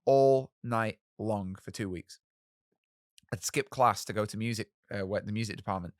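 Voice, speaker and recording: A man's voice: on the low side, moderate pace, no room sound, studio quality. Candid, self-mocking male storyteller. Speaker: guest. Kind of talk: storytelling in a podcast interview.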